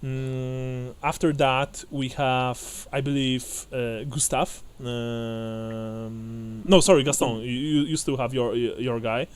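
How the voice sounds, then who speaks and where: A man narrating as game master of a tabletop game, hesitant with many fillers and restarts, often breaking into quick laughs. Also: medium pitch, flat delivery, smooth.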